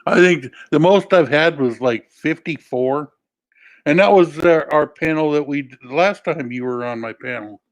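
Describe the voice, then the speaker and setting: Higher-voiced joking man on a panel. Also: normal speed. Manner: laid-back, joking. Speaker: panel co-host. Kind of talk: casual online panel chat.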